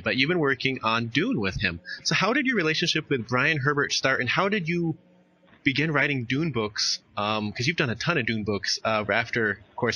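A man's voice: medium pitch, pushed and bright, lo-fi sound. A man hosting a podcast, asking questions in a laid-back, joking way. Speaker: podcast host. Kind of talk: casual podcast interview.

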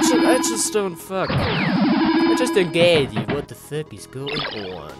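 A young man hosting a gaming let's play, excitable, yelling and swearing at the game, then rambling and hesitant as he talks to viewers. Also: on the high side, slow. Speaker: gaming channel host. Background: game music and sounds.

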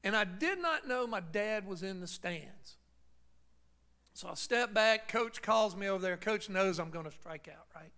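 Bright-voiced preacher man telling a story. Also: high-pitched, expressive, a little slow. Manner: storytelling that builds to a fervent preach. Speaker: pastor. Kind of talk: sermon with personal story. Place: church.

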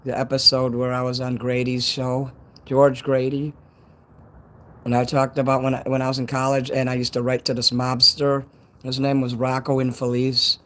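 A man's voice: medium pitch, monotone, moderate pace, a bit bright. A man from Chicago with a Chicago accent, chatting casually on a live stream outdoors at night, rambling and swearing freely. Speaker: livestreamer.

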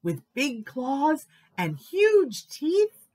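A woman's voice: sits high, wildly swooping pitch, very slow, a little mellow, voice pushed up, full character voice. A woman voicing a bold male moose who bellows his lines in a children's story. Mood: bellowing.

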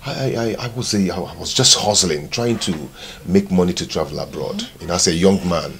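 A stammering young swindler. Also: male voice, low voice, brisk, fairly bright tone. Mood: pleading. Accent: Nigerian English. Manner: stammering, pleading, eager to placate. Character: smooth-talking young male swindler.

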